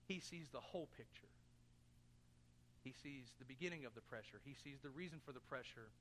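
A man's voice: medium pitch, a bit bright, long reverb tail, slight background noise. A man preaching a sermon as pastor, earnest, asking his congregation questions and throwing in jokes. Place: church sanctuary.

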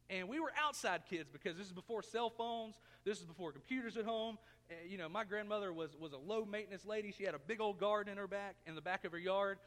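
A man's voice: high-pitched, a bit bright. A man in his thirties preaching a sermon, telling a personal story in a folksy, self-mocking way. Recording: long reverb of a church hall.

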